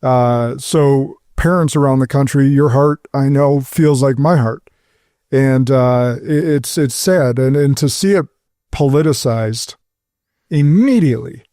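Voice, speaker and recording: Host, male, middle-aged, earnest and measured, warm dark tone, dry close sound. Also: mid-range voice, no room sound. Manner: earnest, measured, speaks as a father. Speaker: podcast host. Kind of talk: roundtable discussion.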